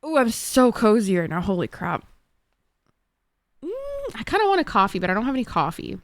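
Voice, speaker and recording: A young woman streamer chatting casually with viewers, excitable and swearing, laughing often. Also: mid-range voice, brisk, no echo. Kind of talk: casual gaming stream chat.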